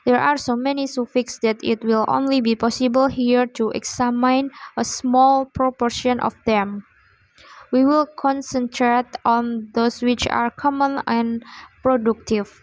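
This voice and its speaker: Young woman, student presenter, measured pausing delivery, slightly high pitch. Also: steady tone, no room sound, poor audio. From Indonesia. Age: young adult. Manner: slow, measured reading with pauses. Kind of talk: reading a class presentation.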